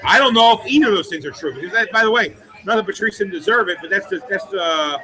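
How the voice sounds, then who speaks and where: A comedian telling a rambling, profane anecdote in a documentary interview. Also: male voice, high voice, lively intonation, fast, sharp tone, low-quality recording.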